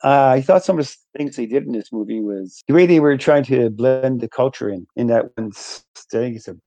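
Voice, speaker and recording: A man's voice: mid-range voice, a little fast, dark tone, dry recording. A man as a podcast guest chatting casually about a film, rambling and chuckling often. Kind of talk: casual movie review chat. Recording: dull, dry lo-fi sound.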